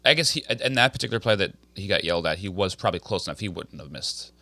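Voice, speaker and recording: A man co-hosting a casual sports recap chat over an online call, quick and animated, laughing often. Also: deep voice, dry recording. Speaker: podcast co-host.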